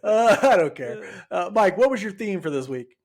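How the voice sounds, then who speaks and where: A man's voice: high voice, sing-song, normal speed. A man co-hosting a sports podcast with wry jokes and dry asides. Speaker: podcast co-host. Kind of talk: casual sports chat.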